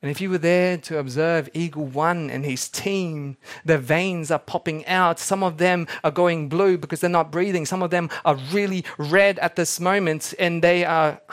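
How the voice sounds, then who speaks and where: A young man delivers a sermon in a voice pitched a little high for a man. He tells the story in an animated way and briefly acts out each of the people he quotes. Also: normal speed. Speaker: pastor.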